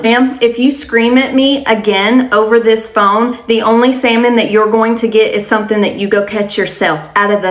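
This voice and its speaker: A woman telling comic restaurant stories as a server, sarcastic and deadpan. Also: on the high side, normal speed, few pauses. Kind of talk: comedic storytelling. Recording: roomy echo with music.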